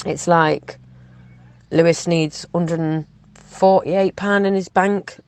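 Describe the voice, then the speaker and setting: A woman's voice: on the low side, no room sound. A woman venting her frustration, swearing often and hesitating with many ums. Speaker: woman speaking about her partner in a recorded clip. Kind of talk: venting monologue.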